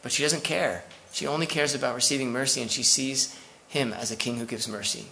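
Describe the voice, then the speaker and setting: A man's voice: medium pitch, steady tone, brisk, creaky, pushed and bright, slight background noise. A man preaching a sermon as pastor, conversational and full of asides to the congregation.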